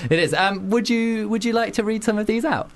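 A man's voice: sits high, a little fast. Man, radio host, casual chat, giggly, chatty. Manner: chatty, giggly, jumps in often.

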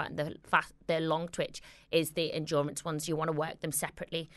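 A woman's voice: low-pitched, fairly bright tone, dry recording. A young woman with a Scouse accent hosting a radio show, answering listener questions in a chatty, encouraging, rambling way. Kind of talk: casual advice chat answering listener questions.

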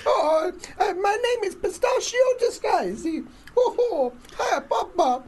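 A whiny mock-Italian oddball. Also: male voice, very animated, slow pace, slight background noise, exaggerated voice. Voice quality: high, whining, cartoonish. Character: silly Italian man mocking a film role.

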